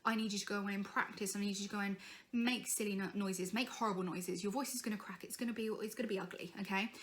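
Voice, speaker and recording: A woman's voice: medium pitch, steady tone, fast talker. A young woman coaching singing in a chatty, encouraging way, breaking into vocal demonstrations. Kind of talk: informal singing tutorial.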